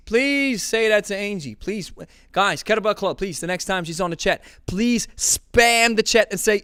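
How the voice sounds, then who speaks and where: A man's voice: high voice, moderate pace, pushed and bright, clear, resonant tone, no room sound, clean studio sound. A man who speaks natively hosts a live stream and chats casually with viewers, joking, laughing and repeating himself. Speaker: podcast host reading live chat.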